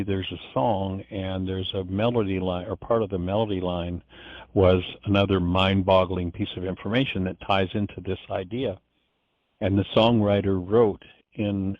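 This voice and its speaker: A man's voice: deep voice, no echo. Older man teaching spiritual ideas on radio. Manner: reflective, storytelling with frequent restarts. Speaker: radio show host. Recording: dry, dull lo-fi radio sound.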